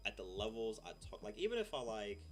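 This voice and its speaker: Young guy streamer just rambling, deep low voice, lots of likes and ums. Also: big pitch swings, fast talker, faint music behind. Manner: rambling, filler-heavy, deep voice. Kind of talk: casual chat. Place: home room. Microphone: desk mic.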